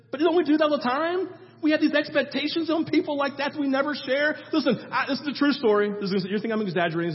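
A male pastor preaching a conversational sermon, telling stories with frequent asides to the congregation. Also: high-pitched. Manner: storytelling, conversational with audience asides. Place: church sanctuary. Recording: muffled sound with long church reverb.

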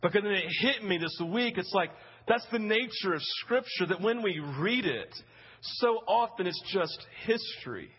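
Male pastor acting out bible scenes in his sermon, pretty high voice, muffled sound. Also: normal speed, breathy edge, in a large hall. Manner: animated storytelling, acting out scenes.

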